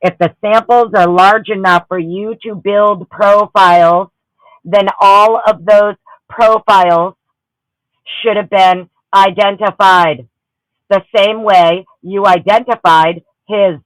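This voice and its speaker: A woman's voice: medium pitch, fairly even intonation, takes it slowly, no echo, rough recording. Woman ranting profanely on a livestream. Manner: heated, profane, ranting, greets chatters warmly. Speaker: livestream host.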